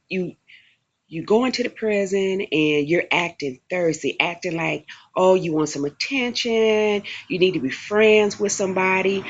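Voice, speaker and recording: A woman's voice: fairly low pitch, fairly bright tone. A woman shares stories from her time behind bars in a loose, conversational way. She leans hard on repetition, saying the same warning over and over for emphasis. The recording sounds dull and lo-fi. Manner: emphatic, warning, repeats phrases for effect. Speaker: former inmate telling prison stories. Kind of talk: casual storytelling to camera.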